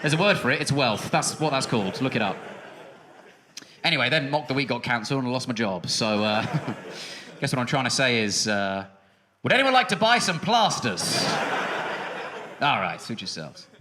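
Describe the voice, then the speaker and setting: A man's voice: mid-range voice, sing-song, moderate pace, long pauses. A young man doing a stand-up routine on a music hall stage, ranting with exasperation, swearing freely and dropping into muttered asides. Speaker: stand-up comedian. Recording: live show with audience noise.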